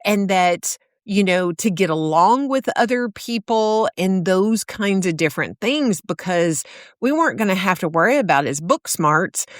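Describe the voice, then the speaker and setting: A middle-aged woman hosts a solo podcast, telling stories warmly in an easy, meandering way with fillers and restarts. Her voice is fairly low in pitch, captured in a dry, studio-quality recording.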